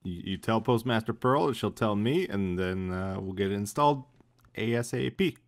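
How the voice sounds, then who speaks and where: A man's voice: lowish voice, lively intonation, normal speed. A man chatting casually with dry jokes while playing a game over voice chat. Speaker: fellow player.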